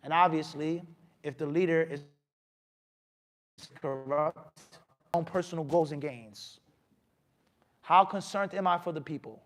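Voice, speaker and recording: Animated man giving a mosque talk. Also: a little high, a little slow, pauses often. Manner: animated, asks the audience questions, acts out scolding. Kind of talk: mosque lecture.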